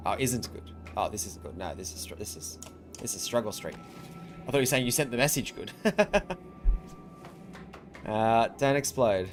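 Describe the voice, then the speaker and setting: Man, streamer, lively pitch, wry casual commentary, faint music underneath. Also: normal speed. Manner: chatty, wry, laughs often. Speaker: gaming streamer. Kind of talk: casual let's-play commentary.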